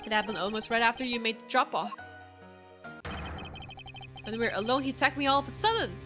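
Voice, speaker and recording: A woman's voice: on the high side, a little fast, over music, natural voice. A woman voicing a nervous young man who stammers and hesitates as he is caught out, in a video game.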